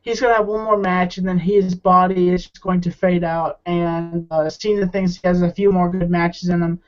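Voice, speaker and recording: A man's voice: high voice, level tone, moderate pace. A man being interviewed as a guest, talking in a rambling, hesitant way with many restarts. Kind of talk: casual interview chat. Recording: muffled lo-fi audio.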